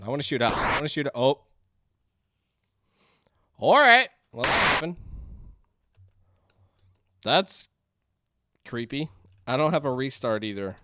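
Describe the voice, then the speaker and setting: Chatty man doing game commentary. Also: medium pitch. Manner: chatty, excitable, thinks aloud. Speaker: gaming YouTuber. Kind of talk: let's play commentary.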